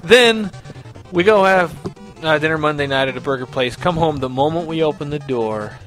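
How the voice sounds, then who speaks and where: Lively bright-voiced man telling a story. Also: a little high, moderate pace, faint music behind. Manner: animated, swears freely, acts out other people's lines. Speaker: podcast host. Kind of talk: casual storytelling chat.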